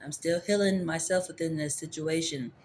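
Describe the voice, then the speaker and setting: Tarot reader, casual spiritual vlog, rambling and repetitive, phone camera, middle pitch. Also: steady tone, normal speed, darkish tone, slight background noise. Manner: rambling, repeats favorite phrases.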